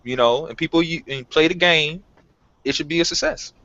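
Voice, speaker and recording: A man on a casual gaming podcast, talking in a loose, halting way. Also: on the high side, bright, forceful tone, no room sound. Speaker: podcast guest. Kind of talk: casual chat. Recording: dull dry lo-fi recording.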